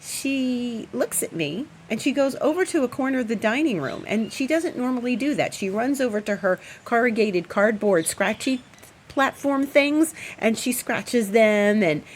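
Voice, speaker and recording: A woman astrologer host, at home, telling a story in a casual, animated and rambling way with fillers. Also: fairly high pitch, normal speed, a little hiss or hum. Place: at home, indoors.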